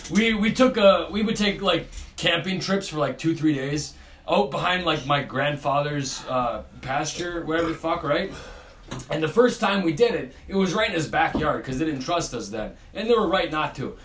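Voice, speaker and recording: A man's voice: a little high, animated, normal speed, a bit bright. A young man telling a crude story in casual podcast chat, rambling and laughing as he goes. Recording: echoey room, distant mic, faint noise.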